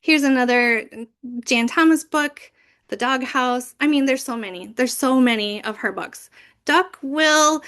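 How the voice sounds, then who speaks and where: Woman, children's library presenter, higher voice, animated and playful. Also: measured pace. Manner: animated, bursts into big character voices when reading. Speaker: library youth services manager. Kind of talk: presenting a training session, reading picture books aloud.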